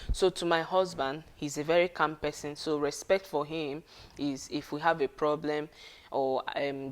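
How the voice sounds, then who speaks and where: Woman, deep voice, earnest chatty marriage advice. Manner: earnest, conversational, with frequent check-ins to listeners. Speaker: marriage talk host. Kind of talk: casual teaching on marriage.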